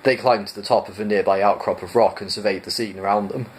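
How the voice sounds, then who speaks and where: A man casually reading a novel aloud for listeners, relaxed, sometimes stumbling and restarting words. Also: lowish voice, quick pace, a little hiss or hum, poor audio. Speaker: reader.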